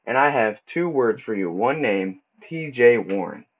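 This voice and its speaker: A man hosting a casual solo podcast, talking loosely and stumbling over words as he goes, with relaxed slang. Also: mid-range voice, a little slow. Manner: casual, stumbles and restarts often; laid-back slang like bro and dude. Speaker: podcast host. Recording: dull lo-fi recording.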